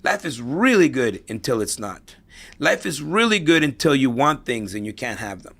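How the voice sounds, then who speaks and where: A middle-aged real estate investor, appearing as an interview guest, tells stories casually and caps his points with "right?". His medium-pitched voice is gravelly and fairly bright, swinging widely in pitch at a moderate pace.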